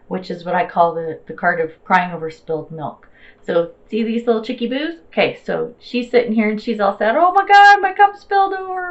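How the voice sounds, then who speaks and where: Woman doing a casual tarot reading, lowish voice, kinda muffled lo-fi audio, chatty and reassuring. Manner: chatty and reassuring, with fillers and slang. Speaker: tarot reader.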